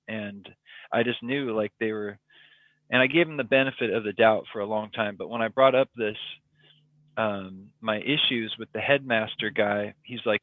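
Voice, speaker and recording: A man's voice: on the low side, steady tone, normal speed, dry recording. A man, a podcast guest telling a personal story in casual, rambling talk full of ums and likes. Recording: tinny phone-like line, dry.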